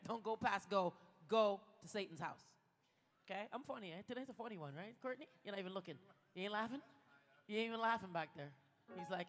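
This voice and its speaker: A woman's voice: medium pitch, lively intonation, fast. A woman giving a playful motivational speech at a gala and leading the audience through spoken mantras. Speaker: gala speaker. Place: large event hall. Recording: echoey hall with music.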